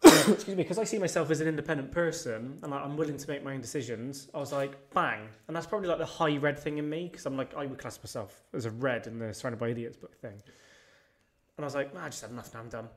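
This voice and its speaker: A man's voice: mid-range voice, fast talker. A man, a podcast guest telling personal stories in a casual chat, blunt and swearing freely.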